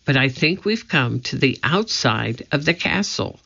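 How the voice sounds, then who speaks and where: A man's voice: mid-range voice, animated, a little slow, creaky, bright, forceful tone, exaggerated voice. A man voicing a cautious, anxious young boy who calls out and whispers tensely. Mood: worried. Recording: dull lo-fi recording.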